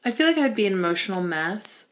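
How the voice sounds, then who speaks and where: A woman co-hosting a podcast in casual chat, animated and laughing easily as she acts out what she would say. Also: mid-range voice, fast. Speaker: podcast co-host.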